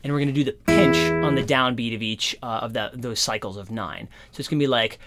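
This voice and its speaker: A man giving a casual guitar lesson, explaining in a relaxed, rambling way with lots of fillers. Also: mid-range voice, a little fast. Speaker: guitar teacher. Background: guitar playing.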